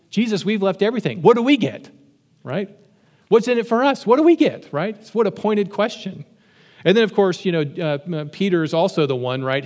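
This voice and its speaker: Male pastor, conversational sermon delivery, slightly higher voice, reverberant hall. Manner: conversational, asks the listeners questions.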